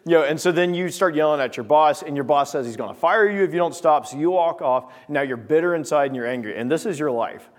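A male preacher giving a sermon with an object lesson, talking straight to the congregation in an animated way. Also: on the high side, quick pace, few pauses.

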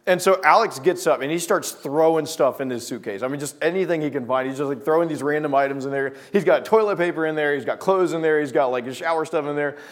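A man telling a personal story with lively acted-out scenes, then drawing a devotional lesson from it. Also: on the high side, fast talker, few pauses. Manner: lively storyteller, acting out scenes, often restarting words. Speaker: speaker telling a story to make a life lesson. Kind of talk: anecdote-driven devotional talk.

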